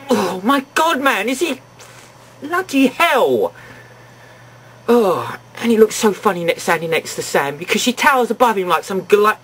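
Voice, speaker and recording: A man's voice: high-pitched, a bit bright, husky. A man giving a ranting, sarcastic film review in an exasperated tone.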